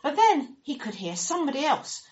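A woman telling a children's story in an animated, expressive way, acting out the characters and making sound effects. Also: high-pitched, moderate pace. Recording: dull lo-fi recording.

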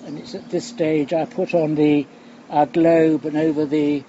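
Older male preacher, unhurried and reflective, hushed on key lines; dull recording, noise behind. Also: on the high side, level tone. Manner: slow, reflective, drops to a hush on key phrases. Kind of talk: sermon. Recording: muffled recording with background noise.

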